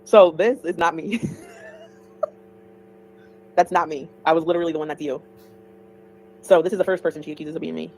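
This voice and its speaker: A woman's voice: low voice, steady tone, a little fast, pauses often, darkish tone, a little hiss or hum, poor audio. A woman hosting a casual livestream, giving chatty, opinionated commentary.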